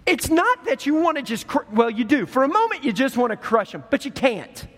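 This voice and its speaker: Pastor, male, very high-pitched, animated storyteller, recorded in an echoing hall. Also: a little fast, slightly rough. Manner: animated storytelling, acts out voices in quotes. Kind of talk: sermon. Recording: long hall reverb.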